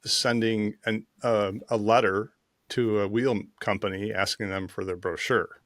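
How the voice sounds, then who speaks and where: A man's voice: lowish voice, steady tone, a little slow, a bit bright, no echo, clean studio sound. An older man hosting a car podcast, asking questions in an easygoing, loose way with lots of affirming asides. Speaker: podcast host. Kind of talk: casual interview chat.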